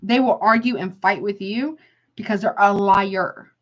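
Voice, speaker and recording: Speaking a little slowly at an ordinary middle pitch, a tarot reader talks to camera in a casual, blunt, emphatic way. She interjects a flat "no" often and calls the listener honey; the recording is somewhat dull and lo-fi.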